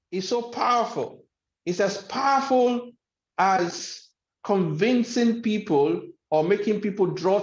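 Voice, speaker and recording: A man giving a motivational webinar lecture, speaking emphatically and repeating key phrases for effect. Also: high voice. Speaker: webinar speaker on life skills. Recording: echoey room, dull lo-fi sound.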